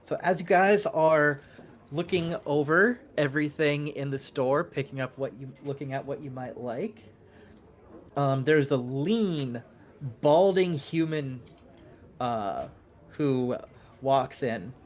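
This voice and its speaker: Give me a man running a tabletop game as dungeon master, loose narration, slightly high voice. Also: slow pace. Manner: relaxed, meandering narration with fillers.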